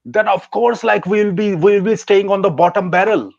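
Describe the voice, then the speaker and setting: A man's voice: high-pitched, normal speed, vocal fry, darkish tone, a little hiss or hum. Impassioned man, muffled lo-fi audio. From India. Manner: impassioned, emphatic, many restarts. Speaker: guest, dating coach. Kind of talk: casual chat.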